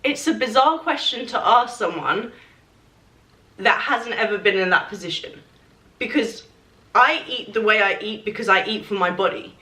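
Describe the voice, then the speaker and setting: A woman's voice: mid-range voice, moderate pace, bright, forceful tone. A woman answering questions in a casual Q&A vlog, chatty and rambling, full of fillers. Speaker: fitness vlogger answering questions. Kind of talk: casual Q&A chat. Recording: echoey room, mic at a distance.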